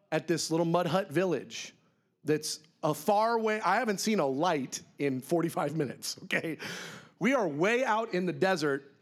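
A man preaching a sermon, telling a story and acting out the voices of people he quotes. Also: on the high side. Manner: animated, acts out quoted voices.

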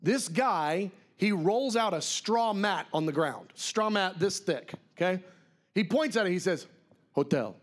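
A man's voice: sits high, unhurried. A man preaching a sermon, telling a story and acting out the voices of people he quotes. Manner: animated, acts out quoted voices.

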